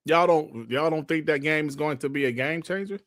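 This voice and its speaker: A man's voice: fairly high pitch, brisk, fairly bright tone, dry recording, studio quality. A man hosting a gaming podcast livestream in a casual, profane, laid-back way, grumbling at technical trouble. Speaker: podcast host.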